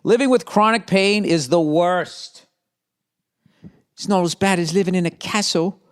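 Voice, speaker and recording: A man's voice: high voice, a little slow, clean tone, voice pushed up. A man putting on a pompous fake British ad reader. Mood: mock-posh. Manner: exaggerated, pompous, stumbling over the script. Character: mock-posh British man reading an ad. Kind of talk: comic ad read.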